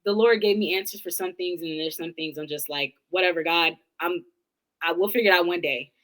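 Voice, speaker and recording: Woman, young adult, slightly low voice, interview guest, earnest, casual candid talk. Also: a little fast, rough recording. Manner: earnest, thoughtful, speaks in long run-on reflections with restarts.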